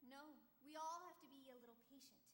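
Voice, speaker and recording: A woman's voice: high voice, fast, fairly bright tone. A woman playing a prim, proper librarian. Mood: gentle. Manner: correcting others' grammar. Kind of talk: stage musical performance. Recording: echoey theatre hall with music.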